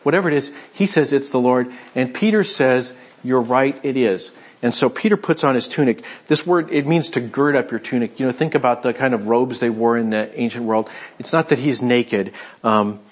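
A man preaching a conversational sermon, retelling a scripture story and voicing its speakers in quick asides. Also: mid-range voice. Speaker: pastor.

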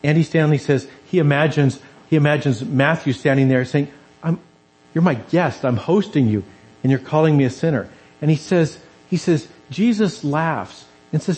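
A man's voice: fairly high pitch, moderate pace, darkish tone, rough recording. A man preaching a conversational sermon in a church, acting out the quoted voices as he goes.

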